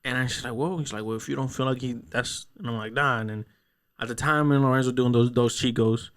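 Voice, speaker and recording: A young man hosting a casual podcast, rambling through stories with lots of swearing and quick put-on voices for the people he quotes. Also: mid-range voice, steady tone. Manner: rambling storyteller, heavy cursing, acts out voices in quotes. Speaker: podcast host.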